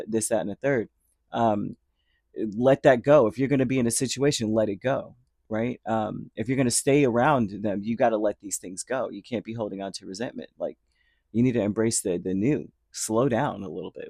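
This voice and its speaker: A man's voice: medium pitch, a little mellow, no room sound. A man giving a casual spoken tarot reading. He rambles and restarts his words often. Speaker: tarot reader.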